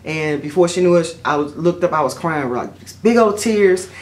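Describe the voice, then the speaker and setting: A woman's voice: on the low side, normal speed. Chatty woman telling stories. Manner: chatty and expressive, says "y'all" often. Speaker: vlogger. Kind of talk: casual storytelling to camera.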